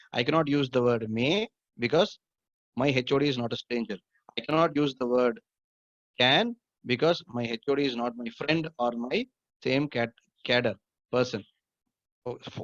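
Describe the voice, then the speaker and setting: A man's voice: on the high side, no echo, dull audio. A man lecturing as an assistant professor, explaining step by step, repeating points and checking if students follow. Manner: repetitive, explanatory, checks understanding with "okay?". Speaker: assistant professor teaching English. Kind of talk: classroom lecture.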